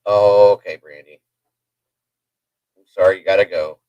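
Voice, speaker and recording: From home, a man hosts a livestream and tells a story to his live chat in a hyper, rambling way, with chatty asides to viewers. His deep voice has fairly even intonation and an unhurried pace. The audio is dull, with no room sound.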